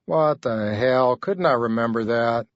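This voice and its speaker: A man's voice: mid-range voice, a little slow, no echo, dull audio. A man reading an audiobook as its narrator, in a laconic, dry delivery. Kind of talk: scripted narration.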